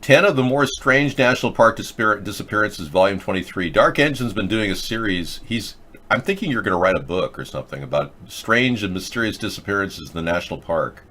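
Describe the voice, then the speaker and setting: A middle-aged man talks through a loose, rambling monologue as host of his own show. His voice sits low, and his tone turns sarcastic as he jumps from one topic to the next. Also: lively intonation, brisk, sharp tone.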